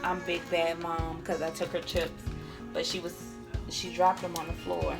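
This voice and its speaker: A woman's voice: on the low side, flat delivery, moderate pace, over music. A young woman chatting to viewers in a casual home cooking vlog, sighing now and then and fighting back tears, recorded on a camera on a tripod in her kitchen. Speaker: vlogger.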